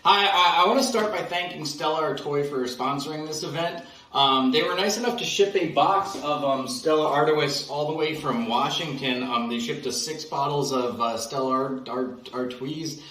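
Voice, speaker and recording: A man's voice: on the high side, moderate pace, few pauses, pushed and bright. A man hosting a sponsored bit on video, talking hesitantly with many ums and uhs. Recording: echoey room, far from mic.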